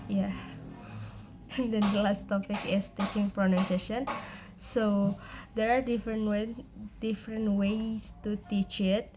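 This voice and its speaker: A young woman with an Indonesian accent presents to her class at a slow, unhurried pace. She talks in a halting way, full of fillers and restarts, with a middle pitch. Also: level tone, music in the background. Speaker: student presenter.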